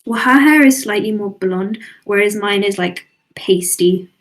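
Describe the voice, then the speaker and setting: A woman's voice: medium pitch, unhurried. A woman playing a tabletop game, speaking in character with dry, wry quips. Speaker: player. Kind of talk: casual tabletop play, in character.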